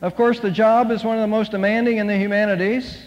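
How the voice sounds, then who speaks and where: Man doing a proud young mom, cool and sure of herself, pitched way up, echoey church hall. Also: little pitch movement, fast talker, highs cut off, lightly acted. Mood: self-assured. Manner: cool, self-assured storytelling. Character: proud, quick-witted young mother. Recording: long hall reverb.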